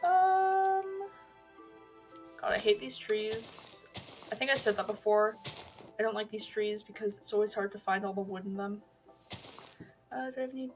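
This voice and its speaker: A woman's voice: mid-range voice, normal speed, long pauses, music in the background. A woman streaming a video game, chatting casually, rambling from topic to topic, swearing freely and answering her chat. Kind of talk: casual gaming livestream chat.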